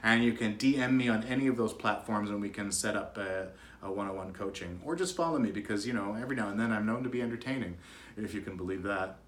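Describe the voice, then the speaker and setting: A man's voice: fairly low pitch, fast talker. Joking male voice coach, echoey room. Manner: relaxed, joking, chuckles often. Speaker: voice acting coach. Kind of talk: casual instructional talk to camera.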